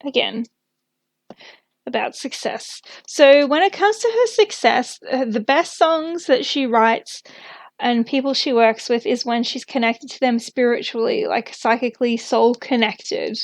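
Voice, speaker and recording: A woman's voice: fairly high pitch, unhurried. A young woman giving a casual tarot reading, thinking aloud with lots of fillers and small laughs. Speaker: tarot reader.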